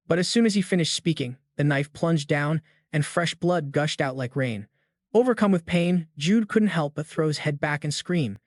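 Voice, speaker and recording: A man narrates a story recap in a steady, scripted way. His voice is a little high and the sound is dry and close. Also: moderate pace, dry recording.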